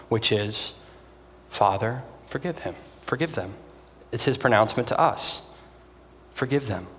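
Lowish voice guy giving an earnest sermon, long church reverb. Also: a little hiss or hum. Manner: earnest, emphatic, with pauses. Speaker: preacher.

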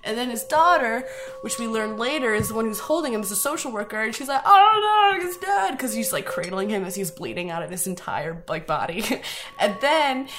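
A woman's voice: on the high side, expressive, fairly quick. A young woman casually recapping a film plot, giggling, rambling and swearing freely as she goes. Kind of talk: casual chat.

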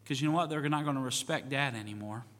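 Bright-voiced pastor preaching in a reverberant church. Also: male voice, medium pitch, quick pace. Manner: folksy, repeats "you know what?", acts out quoted voices. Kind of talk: sermon. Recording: church sanctuary with long reverb.

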